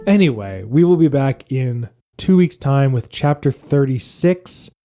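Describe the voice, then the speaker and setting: A man's voice: medium pitch, lively intonation, a little slow, dark tone. Upbeat male dungeon master, guitar behind. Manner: upbeat, playful, self-mocking. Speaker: dungeon master and podcast host. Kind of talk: narrating a tabletop game and signing off the episode.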